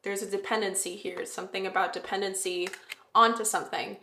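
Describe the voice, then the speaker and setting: A woman giving a casual, rambling tarot reading, often pausing to correct herself. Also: mid-range voice, steady tone, bright, forceful tone. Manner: chatty, rambling, self-correcting, with fillers. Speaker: tarot reader. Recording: roomy echo.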